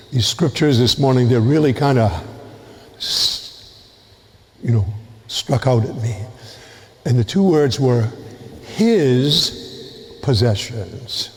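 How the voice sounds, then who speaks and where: A man, a priest with a New England accent, reading the Gospel and preaching a homily with slow, deliberate pauses. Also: medium pitch. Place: church. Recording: long church reverb.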